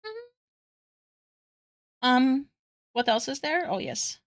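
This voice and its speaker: A woman's voice: sits high, sing-song, takes it slowly, no room sound, clean studio sound. A woman art streamer chatting casually with viewers while drawing, giggling often and thanking them effusively.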